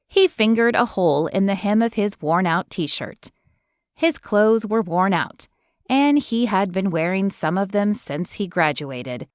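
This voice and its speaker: A woman narrating an audiobook in an expressive storytelling manner. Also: medium pitch, clear, resonant tone, no room sound, studio quality.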